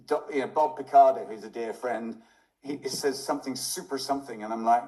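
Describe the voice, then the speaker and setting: A man talking casually in an interview, relaxed and a little hesitant. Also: medium pitch, a little fast, low-quality recording.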